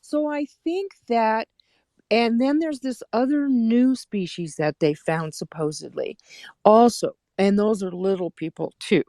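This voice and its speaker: A woman's voice: on the high side, unhurried, mellow, dry recording, studio quality. A woman in a casual discussion, rambling from thought to thought in a blunt, emphatic way.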